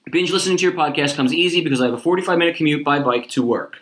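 A man's voice: fairly high pitch, rapid-fire, fairly bright tone. A man co-hosting a podcast in casual chat, telling stories animatedly and swearing casually. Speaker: podcast co-host.

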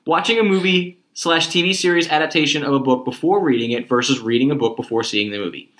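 A man's voice: a little high, fast, a bit bright. A man co-hosting a podcast in casual chat, telling stories animatedly and swearing casually. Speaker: podcast co-host.

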